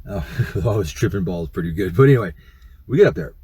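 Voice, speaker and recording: Brief: fast-talking middle-aged man, low husky voice, profane rambling storyteller. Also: lively intonation, dark tone. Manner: rambling, profane, many fillers. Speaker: YouTuber. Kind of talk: casual storytelling.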